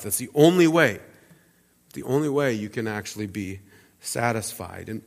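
A man preaching a sermon in a relaxed, conversational way, with restarts and explanatory asides. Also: on the high side, in a large hall. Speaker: pastor. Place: church sanctuary.

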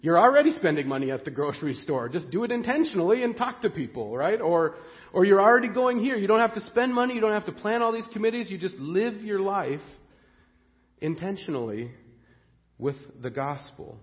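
A man's voice: high-pitched, fairly quick, in a large hall, highs cut off. Fired-up male pastor preaching. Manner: earnest and excitable, often restarting words. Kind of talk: sermon.

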